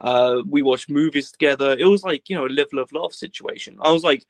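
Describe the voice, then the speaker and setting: Young British man, guest, gravelly, dry close sound, easygoing rambler. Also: on the high side, brisk, dry recording, poor audio. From Britain. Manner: rambling, laid-back, full of "like" and quoted dialogue. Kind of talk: casual storytelling.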